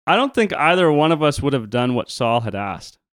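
A man with a Canadian accent and a voice of middle pitch co-hosts a relaxed chat about a Bible story. He teases and laughs easily, and the recording sounds dry and close. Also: fairly quick, dry recording. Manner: playful, teasing, laughs often. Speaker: podcast co-host.

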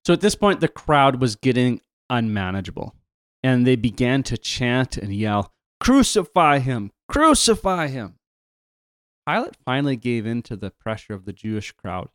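A man's voice: medium pitch, moderate pace, clean tone, no room sound, studio quality. A man co-presenting a retelling of a Bible story, talking casually with emphatic asides and restarts.

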